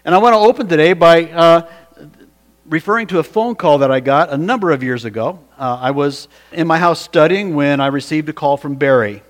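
A man's voice: fairly high pitch, a little fast. A man preaching a sermon as pastor, telling a story in an earnest way and often restarting his sentences. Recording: long hall reverb.

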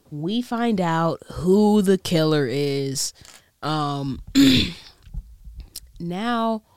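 A young woman vlogger chatting casually about TV shows in a put-on British accent, slangy and animated, with whispered asides. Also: lowish voice, smooth, no room sound. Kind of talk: casual chat recapping TV shows.

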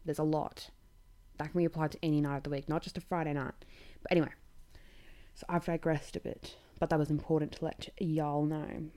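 Young Australian woman hosting a podcast; low, mellow voice, blunt sweary storyteller who laughs mid-sentence. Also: flat delivery, a little fast. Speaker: podcast host. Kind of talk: casual comedic storytelling.

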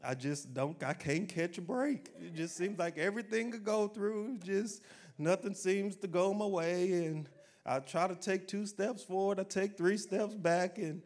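A man's voice: sits high, a little mellow, voice pushed up. A man doing a whiny, self-pitying grown man. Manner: whining, drawn-out complaining.

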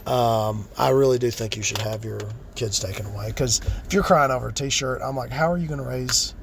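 A man's voice: medium pitch, fairly quick, creaky, noisy background. A man giving a blunt, profane, exasperated rant in a casual vlog.

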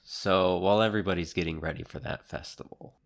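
A man's voice: low voice, fairly even intonation, brisk, vocal fry. A man co-hosting a podcast in casual chat, rambling and hesitant, with many restarts. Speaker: podcast co-host.

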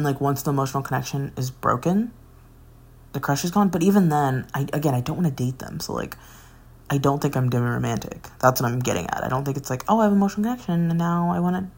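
A woman in her twenties hosts a podcast in a low, darkish voice with a breathy edge. Speaking into a phone, she tells a candid, rambling personal story punctuated by sighs, laughs and curses.

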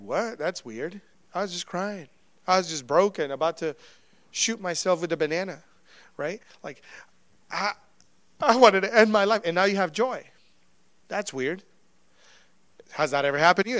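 High-voiced, casual preaching man. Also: no echo. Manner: conversational preaching with sudden loud and soft swings. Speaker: pastor. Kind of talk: sermon.

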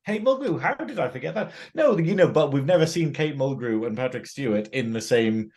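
A man from the north of England, co-hosting a podcast review in casual chat, chatty and quick to laugh. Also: medium pitch, lively intonation, a little mellow. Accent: Northern English. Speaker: podcast co-host.

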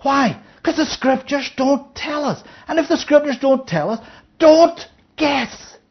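A woman's voice: high-pitched, lively intonation, moderate pace, dull audio. A woman Bible teacher giving a conversational sermon, reading verses aloud and explaining them, often checking in with her listeners. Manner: checks in with listeners, asking 'Yeah?'; reads scripture aloud, then explains it.

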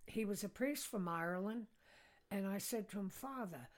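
A woman's voice: medium pitch, moderate pace. An older woman from the United States, a podcast guest, telling casual stories in a chatty way and laughing at her own anecdotes. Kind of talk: casual storytelling.

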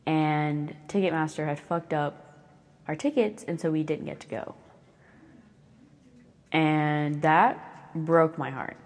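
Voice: medium pitch, fairly even intonation, slow, long pauses, big-room sound. A young speaker in their twenties with a Southern US accent, rambling casually and swearing often while moving around their bedroom. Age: 20s. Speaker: vlogger.

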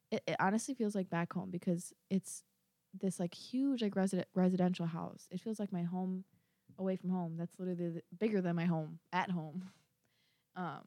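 A woman's voice: fairly low pitch, dark tone, no echo, studio quality. A young woman from Minnesota chatting casually about college life, rambling with lots of fillers. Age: young adult. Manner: rambling, filler-heavy, self-deprecating. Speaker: college student vlogger. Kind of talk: casual chat.

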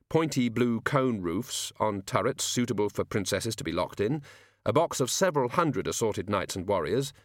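A man narrating an audiobook with wry, expressive delivery and a lively, rising and falling pitch. The sound is dry and close, with no room around it. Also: no echo. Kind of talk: scripted narration.

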